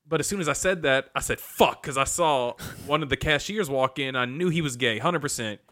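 A man's voice: mid-range voice, fairly quick, pushed and bright, no room sound. A young man co-hosting a podcast, telling a story in casual chat and acting out the voices with big jumps and laughs. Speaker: podcast co-host.

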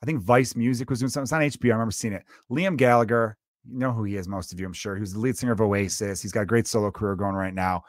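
A man in his thirties hosting a solo comedy podcast, ranting in a casual, animated way, dropping swear words. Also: lowish voice, very fast, hardly any pauses, dry recording, clean studio sound. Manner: conversational and animated, swearing, acting out quotes. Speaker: podcast host.

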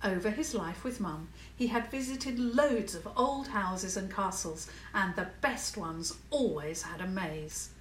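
A woman narrating a children's story in a calm, measured way. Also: medium pitch, reverberant, recorded from a distance, a little hiss or hum, poor audio.

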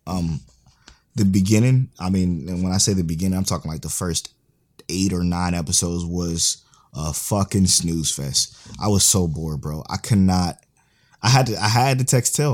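A man with a very deep voice vents bluntly about an anime series. He swears freely in relaxed podcast chat. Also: moderate pace. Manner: blunt, profane, exasperated venting. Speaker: co-host reviewing an anime series.

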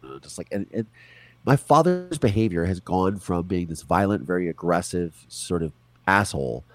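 Deep-voiced man telling his story. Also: normal speed, no room sound. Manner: animated, quotes people in put-on voices, swears. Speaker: interview guest. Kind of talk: casual storytelling.

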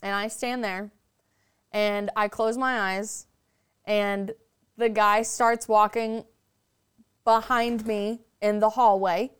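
A woman telling a story as a podcast guest, animated and chatty, swearing freely. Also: mid-range voice, slow pace, long pauses, smooth. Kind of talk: casual storytelling.

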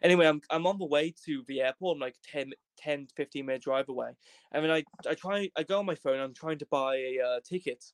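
A young man from Wales telling a comedic travel story as a podcast guest, animated, in quick bursts, swearing and acting out voices. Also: a little high, no room sound. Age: young adult.

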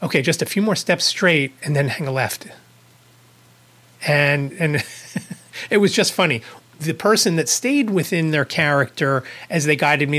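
A man's voice: fairly high pitch, fairly bright tone. A man hosting a podcast, telling a rambling first-person story in a casual way, with a chuckle here and there. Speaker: podcast host.

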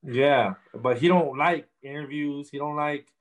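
A man's voice: fairly high pitch, unhurried, rough recording. A young man, a rapper, telling his story in a casual interview in loose street slang full of fillers.

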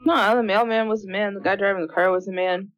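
A woman's voice: mid-range voice, fairly even intonation, fast talker, no echo. A woman co-hosting a podcast, making wry, teasing remarks while watching a movie. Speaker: podcast co-host. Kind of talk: casual movie-watch commentary. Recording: dull lo-fi sound.

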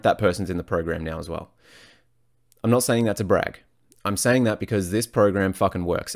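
A man with a notably low voice hosts a solo podcast as a fitness coach. He talks bluntly and swears freely. He drifts onto tangents and corrects himself mid-sentence. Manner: blunt and profane, frequent swearing; rambling, self-correcting, off on tangents.

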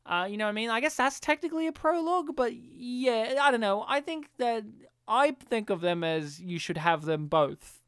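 High-voiced chatty man. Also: lively intonation, moderate pace, fairly bright tone, smooth, dry recording, clean studio sound. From Australia. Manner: chatty, joking, swears casually. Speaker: podcast co-host. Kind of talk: casual film review chat.

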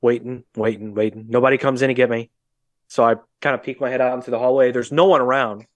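A man's voice: medium pitch, steady tone, fast talker, dry recording, dull audio. A young Midwestern American man co-hosting a podcast from a remote call, blunt and sardonic, swearing freely as he tells a story. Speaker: podcast co-host. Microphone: remote call mic.

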